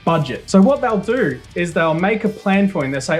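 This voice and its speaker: A man, ranting in a profane, animated storytelling style on a video channel. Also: a little high, a little fast, few pauses, faint music behind. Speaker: cybersecurity YouTuber. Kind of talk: ranting vlog monologue.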